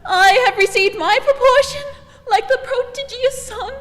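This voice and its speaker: A woman playing a comic young male servant who mourns over his dog, in an animated, mock-tragic style of amateur Shakespeare acting. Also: very high-pitched, measured pace. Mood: mock-grieving. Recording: long reverberant echo.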